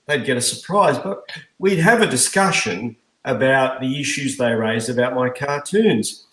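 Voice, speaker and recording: Middle-aged male guest, mid-pitched, reflective storyteller. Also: moderate pace, a bit bright, roomy sound, poor audio. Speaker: guest cartoonist. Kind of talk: casual panel chat.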